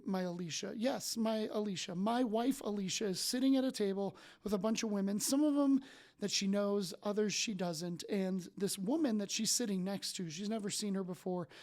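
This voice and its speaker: A man coaching his followers with earnest, faith-filled storytelling, animated and full of restarts and "like". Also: high voice, moderate pace. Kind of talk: casual spoken storytelling to followers.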